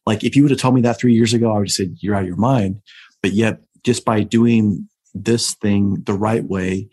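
A man's voice: on the low side, steady tone, normal speed, darkish tone. A man hosting a podcast, enthusiastic and telling stories as he talks with his guest. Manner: enthusiastic, storytelling. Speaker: podcast host. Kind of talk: casual interview talk.

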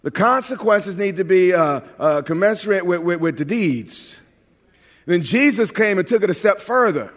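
High-voiced preacher in a reverberant hall. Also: male voice, normal speed. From New York. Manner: lively, humorous preaching with repeated words. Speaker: pastor. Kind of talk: sermon. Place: large church sanctuary.

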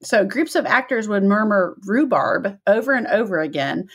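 A woman's voice: mid-range voice, expressive, moderate pace, slightly rough. A middle-aged woman co-hosting a casual chat show, laughing often and telling stories about her family. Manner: chatty, laughs often, tells family anecdotes. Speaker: podcast co-host. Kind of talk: casual chat, reading listener submissions.

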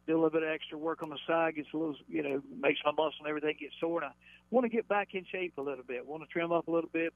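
A man's voice: a little high, no room sound. Sixty-year-old man calling in by phone. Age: 60s. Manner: halting, filler-heavy. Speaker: caller. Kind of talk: radio call-in question. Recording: phone-line call.

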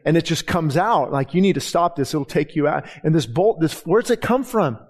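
This middle-aged preacher's fairly high voice has a breathy edge and lively intonation at a normal speed. He preaches conversationally, acting out the dialogue in his anecdotes.

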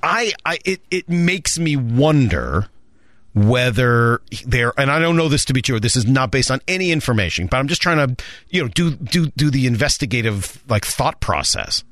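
A man's voice: mid-range voice, very animated, normal speed, fairly bright tone, no echo, studio quality. A man co-hosting a sports radio show, asking probing questions and thinking aloud with restarts. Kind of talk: casual sports talk.

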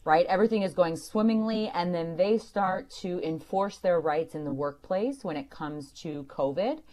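A woman, an employment lawyer hosting a radio call-in show, explaining clearly and emphatically. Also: fairly low pitch, normal speed, a little mellow.

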